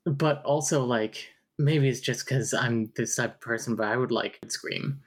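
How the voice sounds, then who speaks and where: A woman co-hosting a casual podcast, with an unusually deep, low-pitched voice. She talks through the story with dry, wry asides. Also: normal speed, breathy edge. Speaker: podcast co-host. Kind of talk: casual chat about a story.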